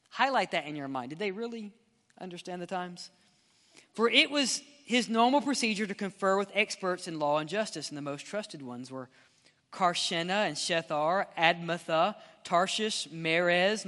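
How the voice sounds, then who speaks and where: Pastor guy preaching hard, gets loud then goes quiet, echoey church hall. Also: high-pitched. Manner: impassioned preaching, swings between loud and hushed. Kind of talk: sermon.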